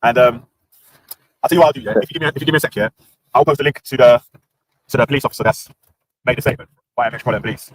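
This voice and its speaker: A man's voice: medium pitch, rapid-fire, pauses often. A British man hosting a livestream, ranting in casual street slang with lots of banter. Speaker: livestream host.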